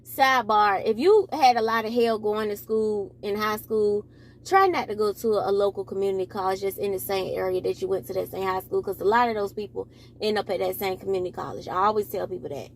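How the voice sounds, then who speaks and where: A woman's voice: mid-range voice, brisk, vocal fry, a little hiss or hum. A young adult woman, rambling and correcting herself in a preachy commentary monologue. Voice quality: mild speech impediment. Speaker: commentary vlogger.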